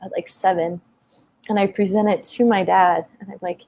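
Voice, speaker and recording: A woman's voice: mid-range voice, fairly even intonation, normal speed, vocal fry, warm tone. A woman in her thirties telling a personal story in a conversation, open and emotional, with many fillers. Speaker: guest.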